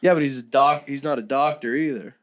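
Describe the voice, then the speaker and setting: A man's voice: mid-range voice, fairly even intonation, brisk. A man co-hosting a casual podcast, swearing and acting out quotes in silly voices. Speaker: podcast co-host. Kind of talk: casual chat.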